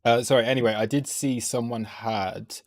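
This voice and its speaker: A man's voice: mid-range voice, fairly even intonation, moderate pace, no echo. Chatty man streaming trades. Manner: playful, chatty, talks at the price chart. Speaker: crypto trading streamer. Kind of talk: live stream chat.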